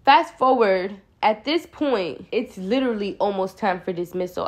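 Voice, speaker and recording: Young woman vlogging a storytime, slangy, keeps saying y'all, acts out her own lines louder and higher. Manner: addresses viewers as y'all, slangy and profane. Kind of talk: casual storytime.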